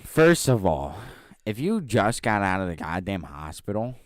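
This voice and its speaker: A young man hosting a podcast, telling a story in casual, animated talk with some swearing. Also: sits low, a little slow, no echo. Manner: animated, swearing, frequent restarts. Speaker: podcast host.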